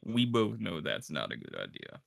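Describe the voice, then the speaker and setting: A man's voice: very deep voice, wildly swooping pitch, normal speed, gravelly, dry recording, clean studio sound. A man playing a tabletop game, chatting and joking with his group. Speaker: player. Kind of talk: casual tabletop game chat.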